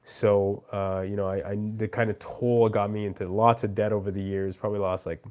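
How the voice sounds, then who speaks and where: A man hosting a casual live stream, answering his chat in a rambling, friendly way with plenty of fillers and restarts. His voice sits a little low and has a warm, mellow tone. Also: level tone, brisk, clear, resonant tone.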